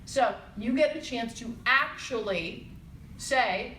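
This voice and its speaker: A woman teaching a safety workshop, explaining calmly and guiding a group through practice. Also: mid-range voice, measured pace, a little hiss or hum. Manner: calm, explanatory. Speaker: safety instructor. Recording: echoey room, distant mic.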